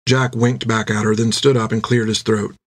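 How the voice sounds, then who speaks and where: A man narrating an adventure audiobook with steady storytelling. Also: on the low side, normal speed, no room sound, studio quality.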